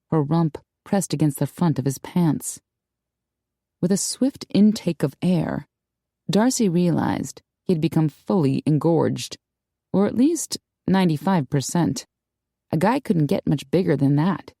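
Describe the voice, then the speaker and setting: A woman reading a romance audiobook in a measured, unhurried way with wry asides. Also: low voice, expressive, creaky, dark tone, no echo, clean studio sound. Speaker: audiobook narrator. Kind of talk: scripted narration.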